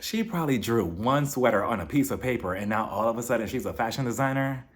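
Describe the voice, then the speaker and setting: A man's voice: lively intonation, fast. A man recapping a reality show in casual, sarcastic commentary, often acting out what people said. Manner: sarcastic, gossipy, acts out quotes in a high voice. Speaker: reality TV reviewer.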